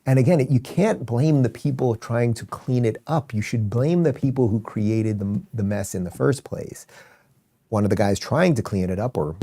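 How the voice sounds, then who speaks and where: A man's voice: mid-range voice, moderate pace, mellow. A man hosting a political commentary show, ranting in a sarcastic, exasperated way. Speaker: show host.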